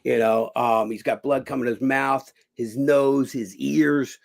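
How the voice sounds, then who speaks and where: Gravelly-voiced man telling stories. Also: medium pitch, unhurried. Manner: animated storyteller who acts out other people's lines and swears freely. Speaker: guest, former boxer and cut man. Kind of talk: casual interview storytelling.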